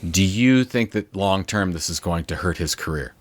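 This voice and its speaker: A man's voice: deep voice, animated, normal speed, no room sound. A man co-hosting a marketing podcast, chatting casually and ranting with an indignant edge. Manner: indignant, stumbling rants. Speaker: podcast co-host. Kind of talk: casual chat.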